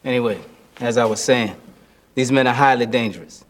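An actor with an American accent playing a composed, exasperated federal agent giving a briefing in a film, in a firm, measured tone. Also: male voice, medium pitch, close to an everyday voice.

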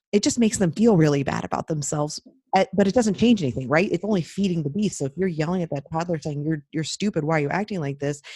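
A woman's voice: on the low side, darkish tone, no room sound. A woman coach talks through an idea in a loose, conversational way and keeps checking in with "right?" She slips into little acted-out voices to show what she means. The sound is dry and close, with no room around it. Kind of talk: casual explanatory talk.

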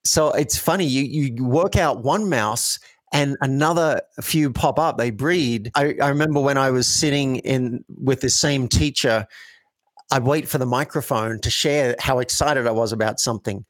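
A man's voice: medium pitch, moderate pace, no room sound. A man who is a coach and a guest, talking reflectively in an interview and acting out example dialogues. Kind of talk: conversational interview.

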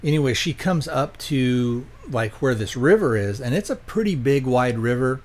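Retelling a film's plot for his podcast review, this man talks at a normal speed with an animated, medium-pitched, slightly mellow voice. The recap wanders conversationally, and he keeps pausing to correct himself.

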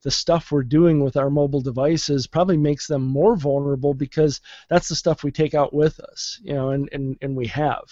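Hesitant mellow-voiced man. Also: on the high side, fairly even intonation, moderate pace, few pauses, no room sound. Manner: hesitant, many restarts. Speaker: podcast co-host. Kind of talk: casual tech podcast chat. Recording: dry lo-fi podcast mic.

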